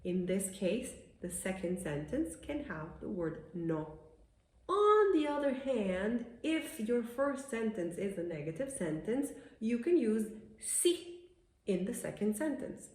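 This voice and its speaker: A woman teaching in a video lesson. She explains patiently in a chatty way and reads the example sentences slowly and clearly. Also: mid-range voice, sing-song, a little mellow, roomy sound. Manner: chatty, laughs at her own examples. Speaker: Italian language teacher.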